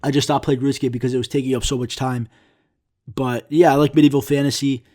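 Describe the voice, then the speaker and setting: A man's voice: medium pitch, little pitch movement, quick pace, dark tone. A young man talks alone into his podcast mic, rambling from one thought to the next. He swears casually, often mocks himself, and speaks in an ordinary mid-range voice. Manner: rambling, profane, self-mocking. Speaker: podcast host. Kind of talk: casual solo rant.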